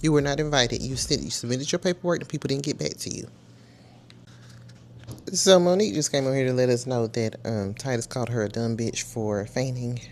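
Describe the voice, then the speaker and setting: A woman's voice: rumbling low, fairly quick, slight background noise. A woman hosting a casual reality TV recap, chatty and slangy, scolding the people on the show as she retells it.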